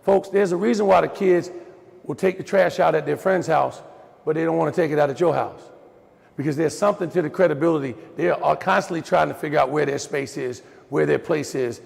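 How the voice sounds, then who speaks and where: A middle-aged man tells stories in a folksy, lively way and speaks straight to his audience. His voice is heavily gravelly and sits a little high for a man. He comes through a video call with a long, echoey reverb. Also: brisk. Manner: folksy, animated storyteller addressing the audience as y'all. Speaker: guest speaker on raising boys. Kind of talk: storytelling talk in a virtual Q&A.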